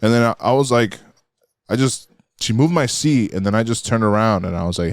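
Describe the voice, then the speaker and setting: A young man chatting on a podcast, telling an animated, swear-filled story and acting out the other people's lines. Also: lowish voice, a little fast, no echo, clean studio sound. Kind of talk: casual podcast chat. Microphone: studio mic.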